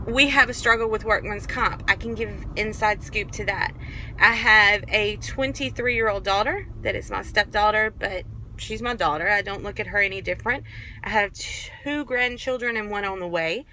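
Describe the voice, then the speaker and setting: A woman's voice: medium pitch, normal speed, sharp tone. A woman in her forties talking earnestly in a casual vlog, recorded on a phone in her car. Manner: earnest, personal, rambling with restarts. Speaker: vlogger. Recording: car and road noise behind.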